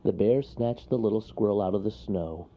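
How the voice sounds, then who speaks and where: A man reading a children's storybook aloud with expressive delivery. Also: fairly low pitch, normal speed. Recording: lo-fi recording.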